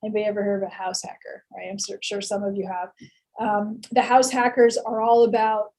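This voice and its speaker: Her voice sits at medium pitch with little movement, a bit quick and slightly mellow, and the audio quality is poor. She's a real estate instructor lecturing casually, chatty and prone to fillers, restarts, and rhetorical questions.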